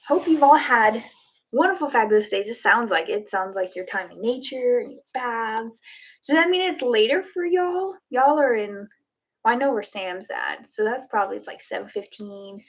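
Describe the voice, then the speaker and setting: A woman chatting casually and giggling with her students and her cats before a live online yoga class. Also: on the high side. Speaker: yoga instructor.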